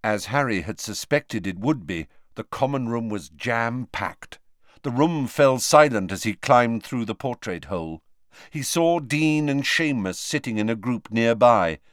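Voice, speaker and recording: An audiobook narrator, male, reads a novel in a measured and expressive storytelling style. His voice sits in the mid-range, and the studio-quality recording is dry.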